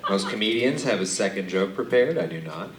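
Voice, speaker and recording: A young man from Romania performing a stand-up comedy set on a club stage, with a dry, deadpan delivery that jumps into sudden animated bursts. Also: on the low side, a little fast, over a noisy crowd. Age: young adult. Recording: echoey club recorded from a distance, loud noise. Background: audience laughter.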